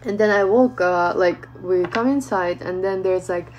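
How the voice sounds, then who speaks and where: A woman vlogger telling a casual story in a chatty way, full of fillers and lively retelling. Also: fairly low pitch, unhurried, faint music behind, low-quality recording. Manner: chatty, peppers speech with "like", animated retelling.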